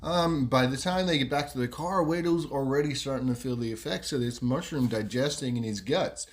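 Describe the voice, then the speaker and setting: A man's voice: mid-range voice, fairly quick, slight background noise. A man hosting a podcast, telling a story casually and rambling with lots of fillers. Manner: rambling, many fillers and "you know". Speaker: podcast host.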